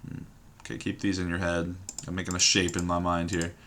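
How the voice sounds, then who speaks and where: A man's voice: sits low, little pitch movement, brisk, a bit bright, a little hiss or hum. A man thinking aloud while solving a word puzzle at his computer, musing and hesitant, trailing off and repeating words to himself. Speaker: puzzle game streamer.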